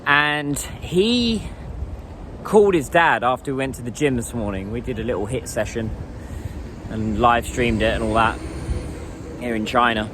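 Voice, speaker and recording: An English vlogger talks to the camera in a casual, thoughtful way, chatty and reflective, laughing as he asks strangers questions in simple Mandarin. His mid-range voice moves at normal speed with frequent pauses, and there's background noise.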